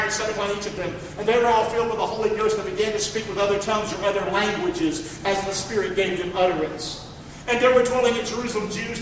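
High-pitched preacher guy, big echoey church, mic far away, faint room hum, gets loud then quiet. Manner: preaching with big swings from quiet to near-shouting; reads scripture aloud and calls for congregation response. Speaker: pastor. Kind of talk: sermon. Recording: echoey hall, distant mic.

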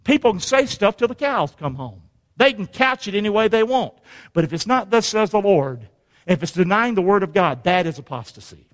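Emphatic preacher, high voice. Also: male voice, very animated, moderate pace, a bit bright. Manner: emphatic, calls for congregation to repeat lines. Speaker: pastor. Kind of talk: sermon. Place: church sanctuary. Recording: long reverb of a church hall.

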